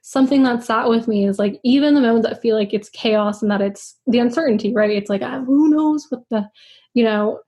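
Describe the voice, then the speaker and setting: A woman's voice: on the high side, fairly even intonation, fairly quick, hardly any pauses, mellow. A young adult woman hosting a casual podcast chat, talking reflectively and rambling with many fillers. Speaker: podcast host.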